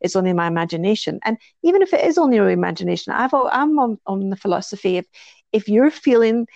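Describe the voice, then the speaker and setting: A woman's voice: on the high side, animated, quick pace, vocal fry, a little mellow, no echo. Reflective woman on a dull, dry recording. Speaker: podcast co-host. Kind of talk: casual chat.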